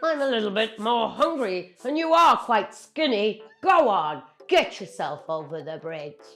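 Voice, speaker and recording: A nasty, bad-tempered bridge troll from a children's storybook bellows his threats slowly and loudly, his pitch swinging wide, as a woman puts him on. Soft music plays faintly underneath. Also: sing-song. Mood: grudging. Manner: loud, slow, shouting threats.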